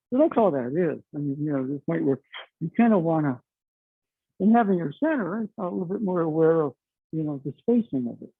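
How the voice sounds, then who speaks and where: A man's voice: fairly high pitch, lively intonation, normal speed, vocal fry, long pauses, slightly rough, no room sound. A middle-aged man teaching a martial arts class, explaining chattily with lots of "okay" and "you know.". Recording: dry, tinny phone-like sound.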